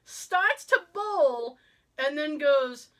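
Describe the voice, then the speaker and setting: A podcast host with a high-pitched voice tells a story in casual conversation, speaking very slowly. She's animated and laughs often, acting out the quotes as she goes.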